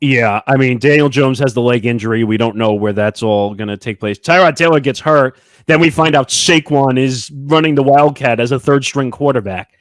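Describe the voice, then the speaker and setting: Man, sports podcast co-host, dry close sound, slow announcing delivery, casual chat. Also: mid-range voice, no room sound. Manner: announces each game in a drawn-out way.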